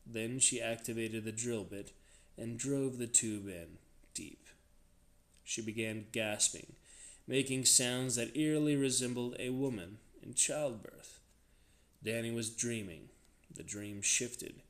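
A man reading a novel aloud, dramatic and expressive, shifting his delivery with the action. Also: mid-range voice, takes it slowly. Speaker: reader.

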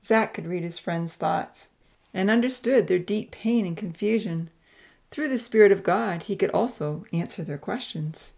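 A woman's voice: lowish voice, gravelly. Woman reading a novel aloud. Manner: measured, expressive reading. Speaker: narrator. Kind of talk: scripted audiobook narration.

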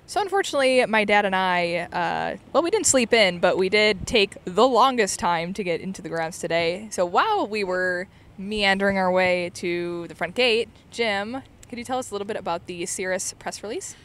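A woman's voice: mid-range voice, animated, normal speed, hardly any pauses, fairly bright tone. A young woman co-hosting a podcast, chatting in a friendly, playful, self-deprecating way. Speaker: podcast co-host. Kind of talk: casual podcast chat.

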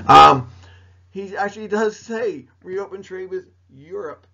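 A man's voice: sits high, measured pace, gravelly, pushed and bright. A man teaching a recorded history lesson to students, playful and jokey, talking straight to them. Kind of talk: recorded mini lecture. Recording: dull lo-fi recording.

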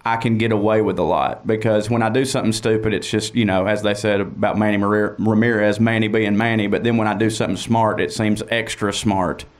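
A comedian with a Georgia accent talks as an interview guest, chatty and self-mocking with a dry wit. His voice sits low. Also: fairly even intonation, brisk, few pauses. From northwest Georgia. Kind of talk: casual interview chat.

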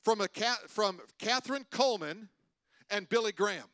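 A man pastor preaching a sermon, telling stories and swinging between loud preaching and hushed asides. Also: high voice, unhurried, smooth, no room sound. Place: church sanctuary.

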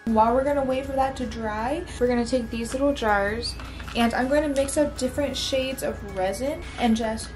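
A chatty young woman narrates her crafting project in a fairly high voice, talking half to herself and often dropping into soft asides. Faint music plays underneath her voice. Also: normal speed. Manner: chatty, talks to herself while working, drops to soft asides. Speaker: crafting vlogger. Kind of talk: casual crafting vlog narration.

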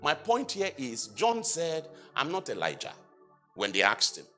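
A man preaching a sermon in a church, reading scripture aloud slowly and firing rhetorical questions at the congregation, then answering them himself. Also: huge pitch swings, faint music behind. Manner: reads scripture aloud in old-fashioned language, slow and emphatic; rises to loud, high-pitched exhortation. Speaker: apostle preaching.

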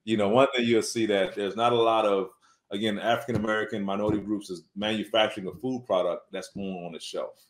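A man's voice: fairly low pitch, fairly quick. A man, a food business owner, telling an earnest, faith-filled story as a podcast guest, repeating casual words as he goes. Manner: animated, repetitive storytelling full of "man" and "bruh".

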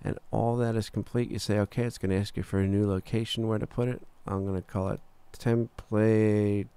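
A man teaching a recording workflow in a screen-recorded tutorial, relaxed and casual, talking through each step with filler words and the odd "boom". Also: normal speed, clean tone. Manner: relaxed, talks through steps as he clicks, frequent "uh" and "boom". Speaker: recording engineer teaching software.

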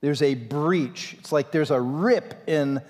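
A man preaching a sermon as pastor, in an animated and dramatic way, in a church sanctuary. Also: a little high, slow. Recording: long reverb in a church hall.

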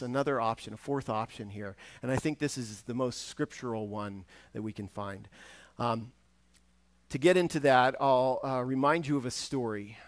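A man delivers a sermon in a loose, conversational way, stumbling over restarts and slipping into voices for the people in a story. His voice sits a little higher than most men's, and the sound is dry and close, with no room echo. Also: fairly bright tone. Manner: conversational preaching, acts out parable voices, many restarts. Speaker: guest preacher. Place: church sanctuary.

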